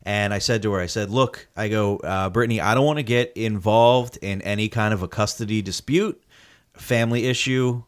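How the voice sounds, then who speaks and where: Man, lowish voice, casual storytelling, animated quotes, swears. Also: normal speed. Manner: swears freely. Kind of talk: casual chat.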